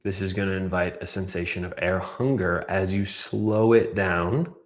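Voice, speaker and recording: A man coaching a guided breathwork class, calmly cueing breaths and counting down holds. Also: low voice, moderate pace. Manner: calm, counts down and cues breaths.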